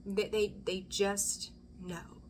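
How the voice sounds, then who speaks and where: A woman's voice: medium pitch, level tone, slow pace, a little hiss or hum. Rambling woman tarot reader, half-whispering. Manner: rambling and digressive, often slipping into a whisper. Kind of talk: casual intuitive tarot reading.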